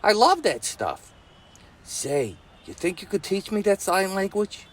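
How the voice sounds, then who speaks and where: A man voicing a loudmouthed young boy diver, blunt and bossy. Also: sits high, sing-song, a little slow, pitched above the performer's own voice. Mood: excited.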